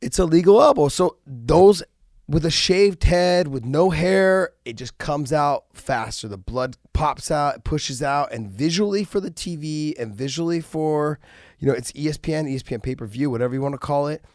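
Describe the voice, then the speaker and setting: A man co-hosting a chat show, breaking down a matchup in a loose, quick way with lots of fillers. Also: a little high, darkish tone, no room sound, studio quality. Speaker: co-host, fight coach. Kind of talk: casual chat.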